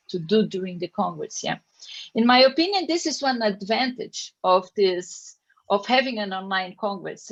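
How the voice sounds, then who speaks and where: Older lady hosting a video chat panel, mid pitched, bit dull audio. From Brazil. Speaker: panel host, veterinary professor. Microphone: video call.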